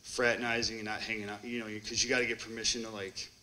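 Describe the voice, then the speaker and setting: A man's voice: lowish voice, little pitch movement, fast, sharp tone, slight background noise, low-quality recording. A man from Wisconsin giving a personal recovery testimony as a treatment court graduate, rambling with many fillers and acting out what people said. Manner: rambling storyteller, many fillers, acts out quotes.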